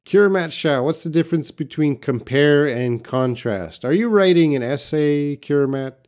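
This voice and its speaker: A man teaching English on a live stream, slowly answering viewers' questions one by one. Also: on the high side, expressive, a little mellow. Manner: slow, patient, reads out viewer questions. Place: classroom with a whiteboard.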